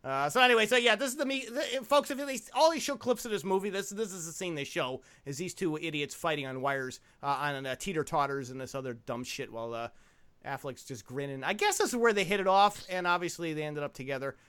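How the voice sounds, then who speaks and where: A man's voice: fairly high pitch, expressive, brisk, a bit bright, clean tone. A man co-hosting a comedy movie podcast, riffing sarcastically and cursing freely. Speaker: podcast co-host. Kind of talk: casual comedic movie commentary.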